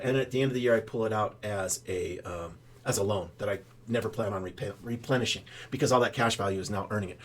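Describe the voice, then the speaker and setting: An older man, a financial adviser, explaining in a folksy, rambling way with many ums and uhs. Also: medium pitch. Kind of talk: casual explainer talk.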